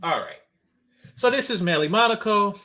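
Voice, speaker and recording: A man's voice: high voice, animated, normal speed, sharp tone. A man hosting a casual reaction commentary channel, talking bluntly with lots of fillers and restarts. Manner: blunt, rambling, frequent fillers.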